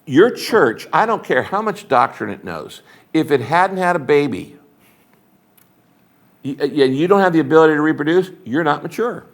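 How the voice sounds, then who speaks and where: An older man, a retiring pastor, speaking as an interview guest in an emphatic, animated, preacherly way, acting out little dialogues as he talks. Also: fairly high pitch, moderate pace.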